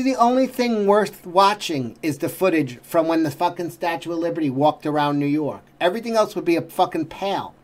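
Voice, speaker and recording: Middle-aged male reaction host, exasperated and foul-mouthed, slightly raised pitch. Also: expressive, fairly quick, few pauses, a little mellow. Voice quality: swears constantly, exasperated. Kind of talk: profane ranting commentary.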